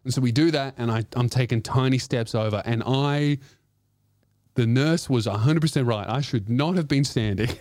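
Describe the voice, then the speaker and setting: A man telling a comedic story on his podcast, animated and swearing, acting out the other voices. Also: mid-range voice, normal speed, dry recording, studio quality.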